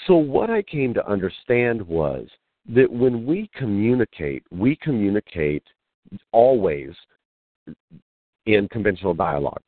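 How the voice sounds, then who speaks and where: A man's voice: fairly low pitch, expressive, a little slow, long pauses, no echo. A man, a guest teacher, explaining spiritual ideas in conversation and telling stories with acted-out quotes. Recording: dry phone-like line.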